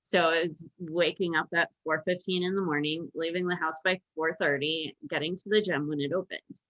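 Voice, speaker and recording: A woman's voice: deep voice, fairly even intonation, moderate pace, fairly bright tone. A woman hosting a podcast, chatting in an upbeat, storytelling way. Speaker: podcast host. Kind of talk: casual chat. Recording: dull lo-fi sound.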